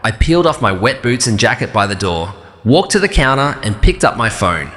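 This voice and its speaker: A man tells a scripted first-person story in a calm, even, measured delivery. His voice is bright and forward, and each phrase hangs in a long reverb. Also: fairly low pitch. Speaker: narrator.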